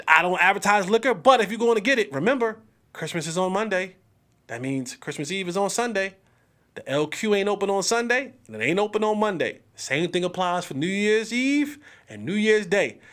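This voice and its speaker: A male host giving casual, slangy sports commentary, emphatic and animated, with drawn-out exclamations and lines spoken straight to the viewers. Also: high-pitched.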